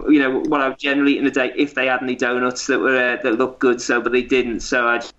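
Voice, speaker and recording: A man's voice: mid-range voice, level tone, fast, a bit bright. A man, a guest, telling a story in a casual, rambling way with lots of fillers and restarts. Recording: dull lo-fi audio.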